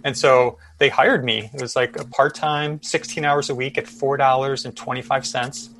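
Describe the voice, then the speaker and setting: Guy in his 50s, middle pitch, rambling along with lots of um and you know. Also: steady tone, moderate pace, a bit bright. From Chicago, USA. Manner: rambling with many fillers and restarts. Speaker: podcast guest photojournalist. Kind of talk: casual storytelling interview.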